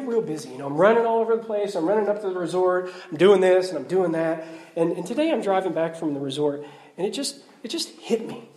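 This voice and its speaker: A male pastor preaching an earnest sermon, repeating words for emphasis and sometimes dropping to a soft, near-whispered tone. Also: high-pitched. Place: church sanctuary. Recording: roomy church sanctuary sound.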